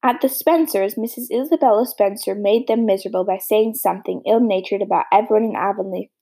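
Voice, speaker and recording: A woman reading a classic novel aloud as an audiobook, steady with small slips. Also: medium pitch, quick pace, creaky, husky, poor audio. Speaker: audiobook reader. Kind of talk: storybook reading.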